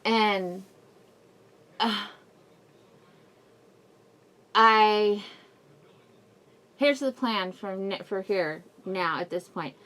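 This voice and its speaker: A woman's voice: mid-range voice, very slow, pauses often, fairly bright tone. A middle-aged woman giving a casual personal update to her viewers, telling a rambling, emotional story with frequent laughs and sighs, speaking through a face mask. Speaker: vlogger.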